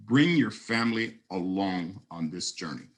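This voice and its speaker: A man's voice: deep voice, lively intonation, measured pace, rough recording. A man in his fifties giving a conference keynote, telling stories and speaking straight to the audience.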